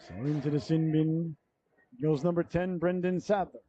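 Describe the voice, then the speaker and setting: A man's voice: on the high side, fairly even intonation, moderate pace, dark tone. A man calling a youth hockey game play by play, chatty and rambling, full of side stories and self-corrections. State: yawning, running out of breath. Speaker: play-by-play commentator. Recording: dull, lo-fi local broadcast audio.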